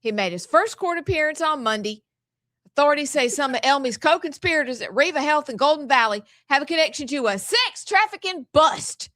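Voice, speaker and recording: Joking Southern woman, fairly high voice. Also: animated, a little fast, fairly bright tone, no room sound, studio quality. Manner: folksy, joking, drawling storyteller. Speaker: co-host. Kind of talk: casual political talk show chat.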